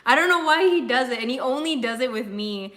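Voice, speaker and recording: A young woman chats with her stream from home in a relaxed, loose way. Her voice sits a little high, and she laughs easily and swears without a second thought. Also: a little fast. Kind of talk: casual live-stream chat.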